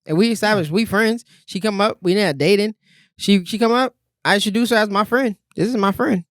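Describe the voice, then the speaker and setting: A man with a notably high speaking voice, chatting casually as a podcast co-host. He jokes around and acts out what others said. The sound is dry and close. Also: brisk, a bit bright, no echo. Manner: joking storyteller, acts out quotes, laughs often. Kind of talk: casual chat.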